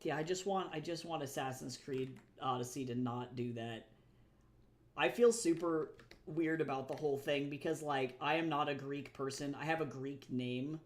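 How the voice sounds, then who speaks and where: A woman's voice: low-pitched, moderate pace. A woman streaming live as an artist, chatting casually with viewers, swearing freely and ranting with exasperation. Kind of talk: casual livestream chat.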